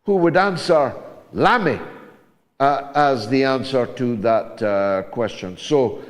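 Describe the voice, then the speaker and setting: An older man hosting a call-in talk show, speaking slowly and deliberately with frequent pauses. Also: mid-range voice, lively intonation, long reverb tail.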